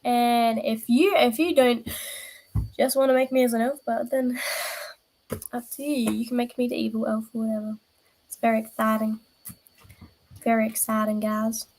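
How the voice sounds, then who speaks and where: A woman's voice: fairly high pitch, steady tone, normal speed, pauses often, darkish tone, rough recording. Chatty woman streamer, rambling and playful. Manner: rambling, self-interrupting, playful. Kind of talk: casual live-stream chat.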